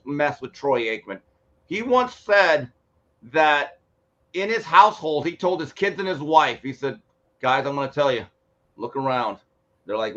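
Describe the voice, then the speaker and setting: A man on a sports talk show, telling stories and acting out quotes with lively energy. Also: a little high. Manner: animated storyteller acting out quotes. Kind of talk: casual sports talk, storytelling. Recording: muffled lo-fi sound.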